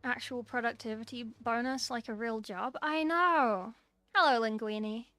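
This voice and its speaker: Chatty woman streaming, slightly high. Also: level tone, normal speed, pushed and bright, dry recording. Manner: chatty, reading and answering chat aloud. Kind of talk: casual livestream chat while painting miniatures. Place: small room at home.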